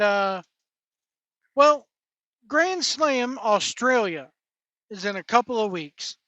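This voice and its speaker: A man's voice: high voice, pushed and bright, no room sound, muffled recording. A man hosting a wrestling podcast, giving a rambling, opinionated commentary monologue that repeats itself.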